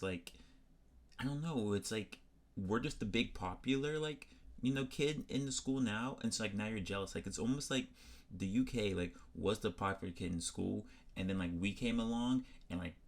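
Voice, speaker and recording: An American man talking casually in an interview, rambling and filling his speech with "like" all the time. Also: low-pitched. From United States. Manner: rambling, fills with "like" constantly. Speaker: interviewee, traveler.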